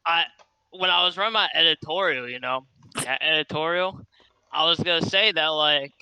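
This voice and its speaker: A man's voice: on the high side, normal speed, pushed and bright, clear, resonant tone, dry recording, low-quality recording. A man chatting casually on a podcast, rambling with frequent restarts. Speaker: podcast guest. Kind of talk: casual chat.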